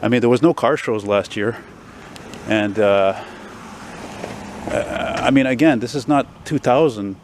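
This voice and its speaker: A noisy background surrounds a mid-range male voice that moves at a measured pace with long pauses. He's a forties-something Montreal car vlogger, rambling enthusiastically to camera about an old car on a city street, with plenty of fillers.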